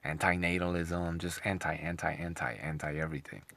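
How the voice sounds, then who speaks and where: A man's voice: sits low, steady tone, normal speed, creaky, a bit bright. A man hosting an opinionated commentary monologue, sarcastic and scornful, often rambling and repeating himself. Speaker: commentary channel host.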